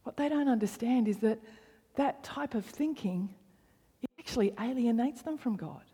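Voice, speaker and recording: A woman preaching a sermon with a fairly high voice. She speaks emphatically, repeating phrases for stress and at times dropping almost to a whisper. Her voice carries a long hall reverb. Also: animated, normal speed, warm tone, slightly rough.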